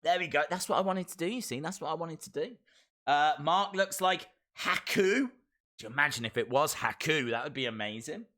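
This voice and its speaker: A man's voice: on the high side, animated, normal speed, bright, forceful tone. Chatty British man hosting a live stream. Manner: chatty, laughing, reads out viewer comments. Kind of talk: casual live-stream chat.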